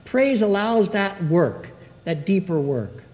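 Male pastor, expressive sermon delivery, higher voice with wide swings, long church-hall reverb. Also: slow pace. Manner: expressive preaching, call-and-response questions to the congregation. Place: church sanctuary.

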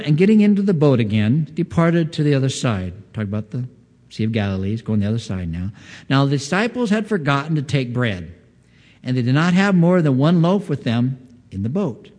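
A man's voice: mid-range voice, very animated, moderate pace, a little mellow. Man preaching in an echoing hall. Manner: earnest, teaching tone with rhetorical questions. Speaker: pastor. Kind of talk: expository sermon.

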